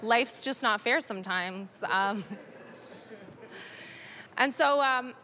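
A woman in her thirties doing stand-up, telling stories in a deadpan, self-mocking way. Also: a little high, takes it slowly, some chatter behind. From Canada. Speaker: stand-up comedian. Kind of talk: stand-up comedy.

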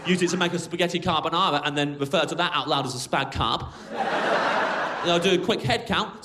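A man doing a stand-up comedy set, mock-exasperated and animated, sometimes shouting out his bits. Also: fairly high pitch, brisk, heavy background noise. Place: comedy venue with a live audience. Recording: echoey room with loud audience laughter.

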